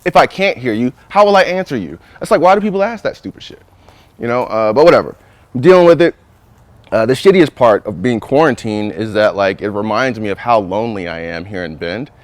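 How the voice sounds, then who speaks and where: A man's voice: lowish voice, expressive, fairly quick, no echo. Brief: young man from North Carolina, profane stand-up comic, rambling delivery, dry recording. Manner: crude, rambling, says "you know what I'm saying" a lot. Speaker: stand-up comedian.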